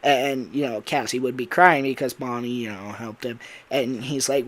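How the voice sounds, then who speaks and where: A young man chatting casually about a story idea, full of fillers and little laughs. His voice sits at a mid pitch, relaxed and chatty, as he rambles through scene after scene. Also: moderate pace. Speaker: voice actor and YouTuber.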